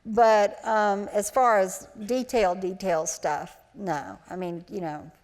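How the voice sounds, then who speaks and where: A woman's voice: medium pitch, fairly even intonation, slow, darkish tone. A woman in her sixties, a former child actor, telling chatty anecdotes on stage at a live interview, acting out the voices she quotes. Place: large auditorium, live event. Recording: live hall with long reverb.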